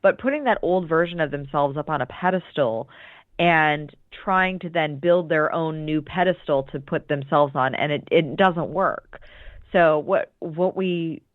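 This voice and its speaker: A woman's voice: low-pitched, measured pace, no room sound. A woman coach explaining her approach in a casual interview, thoughtful and restarting her sentences often. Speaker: business coach. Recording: tinny phone-like dry line.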